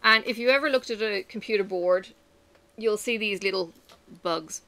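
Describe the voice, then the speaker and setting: A woman chatting casually to camera in a lively, self-mocking way. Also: mid-range voice, moderate pace. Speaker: vlogger.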